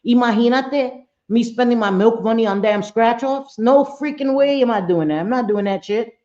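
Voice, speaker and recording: A woman's voice: fairly high pitch, normal speed, dark tone, lo-fi sound. A woman hosting a casual livestream chat, blunt and talkative, swearing freely and greeting viewers by name. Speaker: livestream host.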